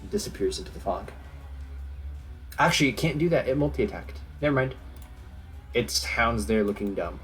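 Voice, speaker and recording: A man narrating as game master in a relaxed, easygoing way. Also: mid-range voice, normal speed, long pauses, soft background music, poor audio.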